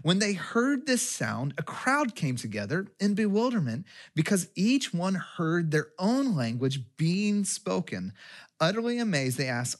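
A man's voice: sits high, big pitch swings, a little slow. A pastor from Texas, giving a sermon in a conversational way and asking questions of his listeners. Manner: conversational preaching with rhetorical questions.

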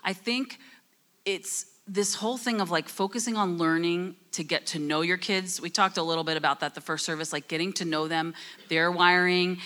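A woman's voice: on the low side, bright, forceful tone. A middle-aged woman with a New Jersey accent, talking freely and often laughing as a guest in a church panel conversation. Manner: talkative, chatty, laughs often.

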